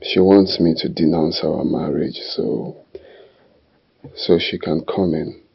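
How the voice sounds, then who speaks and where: An actor playing a crippled husband who pleads in anguish, his voice gravelly and raspy. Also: low-pitched, fairly even intonation, slow, heavily acted. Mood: troubled. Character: crippled, tormented husband, adult man. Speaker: actor in a drama series. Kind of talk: dramatic film acting. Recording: dull sound with faint music.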